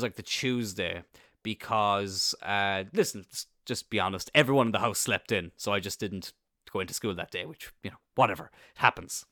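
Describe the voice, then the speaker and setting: A young man with an Irish accent telling a rambling story in a casual monologue, swearing freely and bursting into excited laughter. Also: on the low side, no echo, clean studio sound. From Ireland. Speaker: podcast host.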